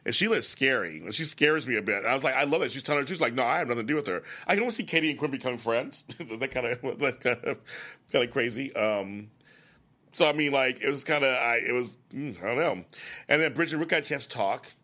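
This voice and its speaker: A man with a mid-range voice hosts a soap opera after-show, excitedly recapping the week's episodes. He's gossipy and chatty, acting out the characters' lines as he goes.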